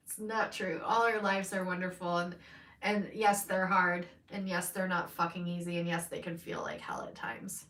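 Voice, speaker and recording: A woman's voice: lowish voice, fairly even intonation, normal speed, bright, forceful tone. Tarot lady chatting on a live stream, rambly and sweary, sounds a bit far from the mic in an echoey room. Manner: rambling, candid, swears freely, laughs often. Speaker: tarot card reader. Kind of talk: live-streamed card reading, casual chat. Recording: roomy sound from a mic at a distance.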